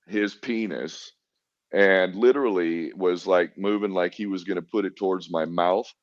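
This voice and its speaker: Middle-aged man, podcast guest, low and gruff, swearing freely, lo-fi and dry. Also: moderate pace, no room sound. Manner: blunt, profane, defiant, acts out quoted exchanges. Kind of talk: candid storytelling interview. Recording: dull lo-fi dry sound.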